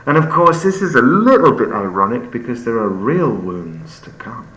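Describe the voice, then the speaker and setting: A man explaining a play in an unhurried storytelling manner, sometimes restarting with fillers as he searches for words. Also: medium pitch, sing-song, a bit bright. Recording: echoey room with faint ambience.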